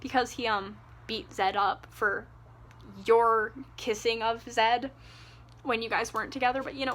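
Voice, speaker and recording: A woman's voice: a little high, moderate pace, pushed and bright. A woman reviewing a book on her vlog, exasperated and sarcastic, with lots of "like" and asides. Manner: exasperated, sarcastic, heavy use of "like".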